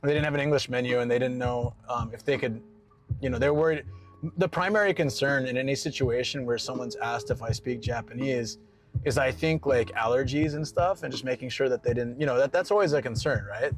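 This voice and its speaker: A man's voice: medium pitch, a little fast. Scottish male streamer, casual and rambling, laughs often, faint music underneath. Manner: rambling, filler-heavy, laughs easily. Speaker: live-streamer. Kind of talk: casual live-stream chat while driving.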